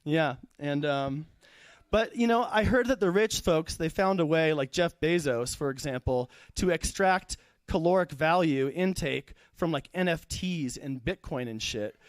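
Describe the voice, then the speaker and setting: A man's voice: on the high side, lively intonation, unhurried, smooth, dry recording. A young man performing a stand-up comedy set at a live show, rambling, profane and losing his thread.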